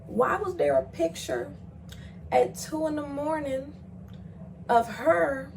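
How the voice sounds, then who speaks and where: A woman's voice: sits high, sing-song, slow, creaky, a little hiss or hum, poor audio. A young woman vlogger telling a personal story in a casual, slangy way, swearing freely and acting out the voices of the people she quotes.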